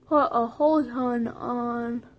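A young woman talks through a tongue-in-cheek beauty tutorial, high in pitch and taking her time over every word. She rambles playfully, restarts her sentences and jokes as she goes. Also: steady tone, slow. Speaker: vlogger.

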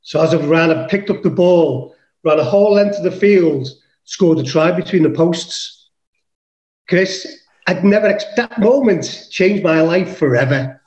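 A high-voiced man from England tells a wild story as a podcast guest. He swears freely and puts on the voices of the people in it. The sound is dull and echoey, as if from a room far off the mic. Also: expressive, measured pace, darkish tone. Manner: swears casually, acts out his own quotes. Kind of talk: animated storytelling.

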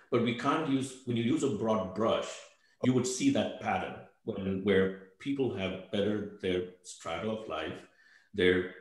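Older man in a very echoey room. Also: fairly low pitch. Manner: hesitant, repeats words, ends points with "right?". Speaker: panelist. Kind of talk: webinar panel discussion.

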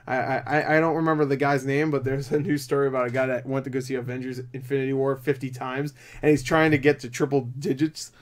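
A tired young man rambling through casual movie box office commentary, swearing often and breaking into loud disbelief. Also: mid-range voice, flat delivery, fast talker, few pauses. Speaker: movie vlogger.

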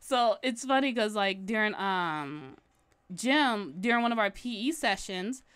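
A woman's voice: medium pitch, animated, a little slow, a bit bright, clean tone. A woman livestreaming while she draws, chatting casually and rambling, laughing often. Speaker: livestreaming artist. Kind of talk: casual chat while drawing.

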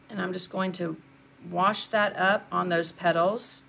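A woman's voice: lowish voice, steady tone, a little slow, vocal fry, fairly bright tone. An older woman, chatting through a live painting lesson and answering viewers as she works. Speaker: art instructor.

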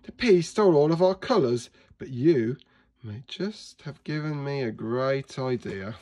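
A man's voice: medium pitch, expressive, a little slow, mellow, close to an everyday voice. A man doing a cheerful potato superhero. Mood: determined.

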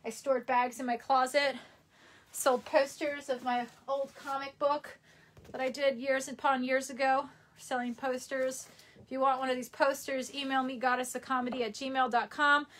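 A young woman with a New York accent chats her way through a livestream, reading out viewer comments as she goes. Her voice sits high, and she rambles in a loose, easy flow full of fillers. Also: level tone, moderate pace, fairly bright tone. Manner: rambling and chatty, with many fillers and laughs.

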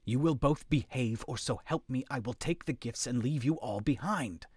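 A man's voice: mid-range voice, moderate pace, a little mellow, slightly rough, dry recording, clean studio sound, lightly acted. A man voicing a stern, commanding male creature warrior who snarls orders. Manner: snarling, authoritative.

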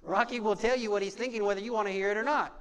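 High-voiced pastor preaching conversationally. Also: male voice, fairly even intonation, racing, a little hiss or hum. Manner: conversational, repetitive preaching with call-and-response. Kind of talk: sermon. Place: church sanctuary before a congregation.

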